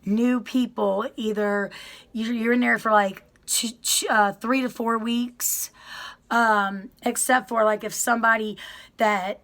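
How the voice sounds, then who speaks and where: A woman's voice: fairly high pitch, steady tone, slow pace, a bit bright. A middle-aged woman telling her story to viewers in a chatty, rambling way, often apologizing and restarting her sentences. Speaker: vlogger sharing her prison experience.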